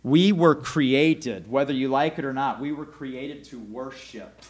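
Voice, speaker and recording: A man preaching a sermon, swinging from quiet, low asides to loud emphatic calls, joking and putting rhetorical questions to the congregation. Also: a little slow. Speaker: pastor.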